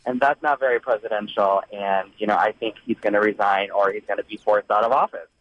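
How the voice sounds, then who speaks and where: A man's voice: lowish voice, fairly even intonation, a little fast, no echo. A man calling in to a radio talk show, giving his opinion in an earnest, conversational way. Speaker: caller. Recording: dull phone-in line.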